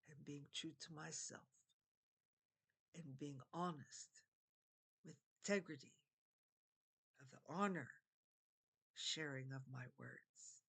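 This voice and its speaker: A woman's voice: sits low, slow, long pauses, fairly bright tone, breathy edge. An older woman speaking a heartfelt monologue to camera as a vlogger, earnest and meandering, often circling back and repeating her phrases.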